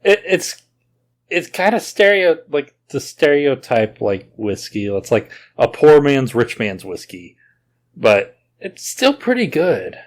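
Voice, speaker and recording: With a mid-range voice that is very animated yet slow, a man hosts a podcast with a slight Oklahoma twang. His casual talk rambles along easygoingly, loaded with fillers.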